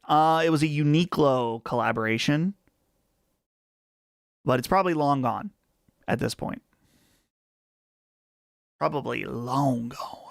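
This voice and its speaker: A man's voice: mid-range voice, gravelly, fairly bright tone, dry recording. A man with a Western Pennsylvania accent hosting a casual live chat stream, chatty and rambling on a close mic. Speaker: livestream host.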